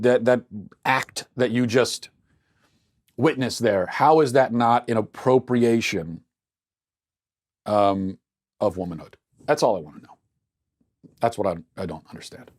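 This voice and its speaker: Guy hosting a commentary show, mid-pitched, sarcastic and argumentative. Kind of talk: political commentary monologue.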